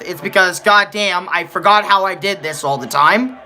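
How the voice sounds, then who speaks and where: A man's voice: high voice, normal speed, bright, forceful tone, faint music behind. A young man giving casual, rambling game commentary, swearing freely and correcting himself as he talks. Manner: rambling, profane, self-correcting. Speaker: gaming streamer.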